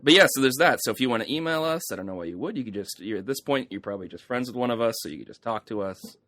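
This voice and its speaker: A young man co-hosting a podcast, making wry deadpan asides. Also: mid-range voice, very fast, no room sound. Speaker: podcast co-host. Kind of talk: casual chat.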